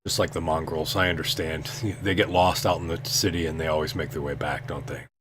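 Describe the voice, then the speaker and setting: A man voicing a sleepy, hesitant male priest in a tabletop game, talking in a halting way. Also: very deep voice, fairly even intonation, background noise, pitched below the performer's own voice. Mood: wry.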